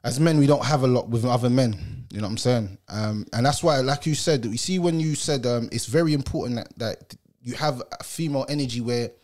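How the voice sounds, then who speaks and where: A man's voice: medium pitch, a little fast, hardly any pauses, a little mellow. A man, a podcast host speaking earnestly and reflectively in casual chat, using street slang.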